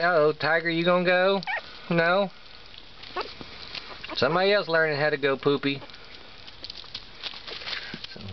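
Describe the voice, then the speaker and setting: A Southern man with a fairly high voice coos and coaxes in playful baby talk, repeating his phrases in a sing-song lilt. His East Tennessee drawl comes through a dull, lo-fi home video sound with clear background noise. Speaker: dog breeder. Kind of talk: baby talk to puppies while filming.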